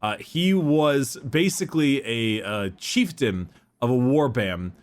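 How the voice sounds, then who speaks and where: A man's voice: medium pitch, animated, takes it slowly. A man co-hosting a podcast in a casual, rambling way, laughing often and fumbling names. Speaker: podcast co-host. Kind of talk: casual chat.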